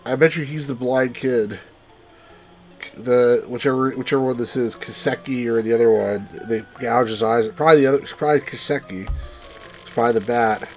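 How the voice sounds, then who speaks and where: A man's voice: medium pitch, faint music behind. Musing male co-commentator. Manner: musing, speculative, halting. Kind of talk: let's play commentary.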